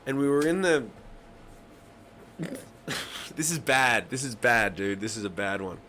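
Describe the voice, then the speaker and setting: A man with a medium-pitched voice speaks at a measured pace, with slight background noise in the clip. He hosts a live songwriting stream, telling stories in casual chat, swearing a lot and animatedly acting out the voices of the people in them.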